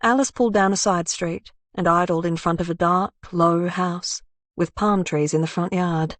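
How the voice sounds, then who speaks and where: Female audiobook narrator, measured thriller read, lower register, dry booth sound. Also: steady tone, no echo.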